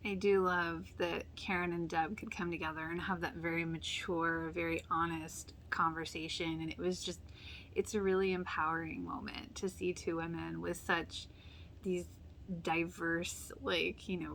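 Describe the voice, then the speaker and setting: A woman hosting a casual TV rewatch reaction, chatty and full of fillers, often sinking into soft near-whispers and laughing often. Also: on the low side, fairly even intonation, moderate pace, vocal fry, slight background noise. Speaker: YouTube reaction host.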